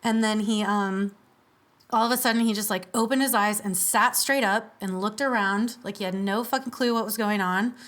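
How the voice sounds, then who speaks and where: Woman spilling a wild story on a podcast, mid pitch, lots of "like"s, laughs easy. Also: fairly even intonation, moderate pace, fairly bright tone. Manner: chatty, lots of filler "like", laughs often. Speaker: podcast guest. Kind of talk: casual storytelling in conversation.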